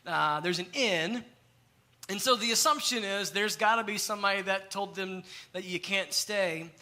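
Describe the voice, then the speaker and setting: Bright-voiced animated male pastor. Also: sits high, moderate pace. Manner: animated storytelling with acted quotes. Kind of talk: sermon.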